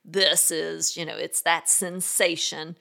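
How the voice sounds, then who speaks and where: Gravelly-voiced woman giving firm parenting advice. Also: low-pitched, flat delivery, slow pace, pushed and bright. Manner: firm, practical, laughs easily. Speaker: parenting podcast host. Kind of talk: casual advice chat.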